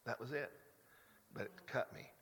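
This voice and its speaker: A man's voice: normal speed, fairly bright tone. Man preaching in a reverberant hall. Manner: conversational and confessional, many restarts, rising to emphatic peaks. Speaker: pastor. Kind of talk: sermon.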